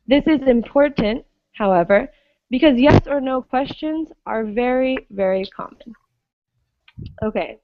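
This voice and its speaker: A woman with a fairly high voice leads a pronunciation lesson, explaining patiently and checking in with her students. The sound is dry and slightly dull. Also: dry recording. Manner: patient, clear, checks understanding with "okay?". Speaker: English teacher. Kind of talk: online pronunciation class.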